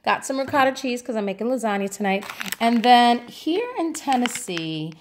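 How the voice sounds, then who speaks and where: A woman's voice: on the high side, lively intonation, moderate pace, a little hiss or hum. A woman from New York City, a vlogger chatting casually through a grocery haul, rambling along with lots of ums and uhs.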